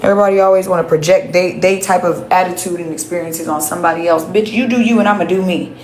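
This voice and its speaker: A woman's voice: on the low side, fairly even intonation, fast talker, a little mellow, echoey room, a little hiss or hum, rough recording. A woman livestreaming, ranting at her chat in a profane, confrontational way and repeating herself. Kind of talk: heated live-stream rant to chat.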